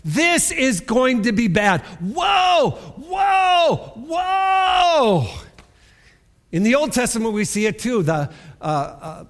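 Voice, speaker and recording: A man preaching a sermon, reading scripture and explaining it, with bursts of shouted repeated words. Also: high voice, sing-song, moderate pace, few pauses, long reverb tail. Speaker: pastor.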